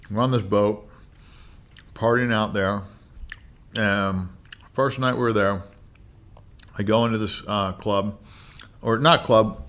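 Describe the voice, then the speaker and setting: A man's voice: fairly low pitch, a bit bright. A man telling a story as a podcast guest in a casual, loose way, with constant filler words and plenty of swearing.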